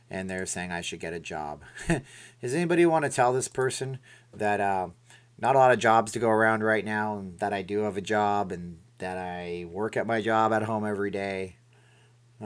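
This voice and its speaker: A middle-aged man hosting a casual livestream from home, giving rambling motivational talk and reading viewer messages. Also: on the low side. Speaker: livestream host.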